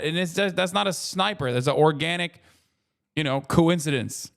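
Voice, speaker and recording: A man's voice: on the high side, fairly quick, creaky, fairly bright tone, clear, resonant tone. Profane, rambling streamer man. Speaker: streamer reacting to a video. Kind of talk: casual livestream reaction talk.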